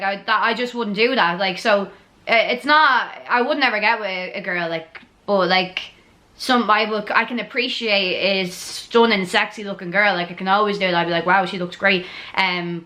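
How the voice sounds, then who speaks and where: A woman's voice: medium pitch, sharp tone. A young woman with a Dublin Irish accent in her twenties, chatting casually to camera, blunt and sweary, with lots of "like" and "um". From Ireland. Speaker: vlogger answering viewer assumptions.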